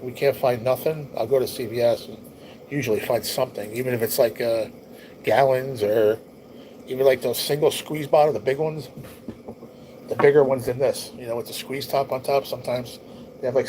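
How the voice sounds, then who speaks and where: A man's voice: medium pitch, fairly even intonation, moderate pace, noisy background. A man hosting a casual livestream, chatting in an easygoing, rambling way and reading viewer comments aloud, his nose stuffy and his voice tiring. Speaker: livestream host.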